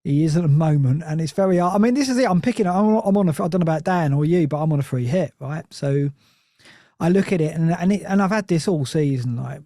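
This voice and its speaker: A man's voice: fairly high pitch, animated, fast, mellow, no room sound, studio quality. A man chatting on a football podcast, rambling and restarting his sentences often. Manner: rambling, self-interrupting, many restarts. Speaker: Nottingham Forest fan guest. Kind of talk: casual podcast chat.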